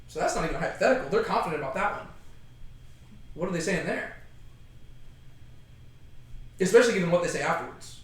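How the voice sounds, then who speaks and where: A man leads a relaxed Bible study with a group, chatty and animated. He acts out the quotes he tells and keeps asking questions. His voice is fairly high and echoes around the room. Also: fast, long pauses. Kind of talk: casual group Bible teaching.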